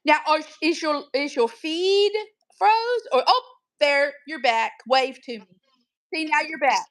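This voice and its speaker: Southern lady chatting on a stream, kinda high, drawls her words a bit, video call audio. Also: takes it slowly. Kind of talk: casual chat.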